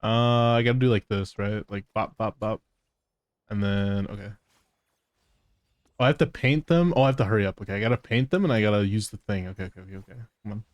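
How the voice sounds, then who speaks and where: A man's voice: lowish voice, fast, dry recording. Profane, teasing male game streamer. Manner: profane, teasing, laughs often. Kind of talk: casual live gameplay commentary.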